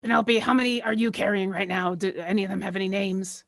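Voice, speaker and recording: A woman's voice: mid-range voice, steady tone, quick pace, creaky, no echo. A woman playing in a tabletop game, chatting in a friendly, self-aware way. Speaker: player. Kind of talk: tabletop role-play.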